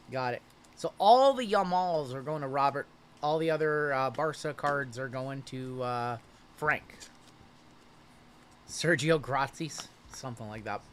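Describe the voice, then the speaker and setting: A man's voice: medium pitch, a little hiss or hum. A man hosting a live card break stream, rattling off names and teams in a loose, chatty way with plenty of fillers.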